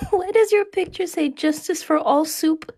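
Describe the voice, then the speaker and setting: A woman's voice: extremely high pitch, unhurried, a little mellow. A woman streamer reacting on a live stream, laughing so hard she is half crying.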